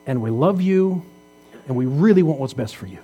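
A man in his fifties preaches a sermon conversationally, tossing out rhetorical questions and teasing and joking with the congregation. His voice is on the high side, expressive and husky, with a warm tone at a moderate pace. The audio sounds dull.

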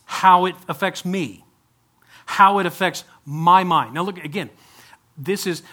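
Man, pastor, conversational sermon, high voice, bright tone, asks questions.

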